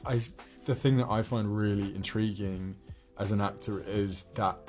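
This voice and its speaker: A young man with a lowish voice chats loosely as an interview guest. He stumbles and restarts his sentences often. Faint music sits underneath. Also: darkish tone. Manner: rambling, many restarts and fillers. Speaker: actor guest. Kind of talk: casual interview chat.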